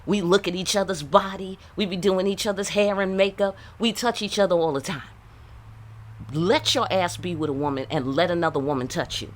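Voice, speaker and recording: A woman's voice: fairly low pitch, a little fast. A woman tarot reader gives blunt, profane relationship advice, peppered with rhetorical questions. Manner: blunt, profane, streetwise, full of rhetorical asides. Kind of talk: casual channeled reading.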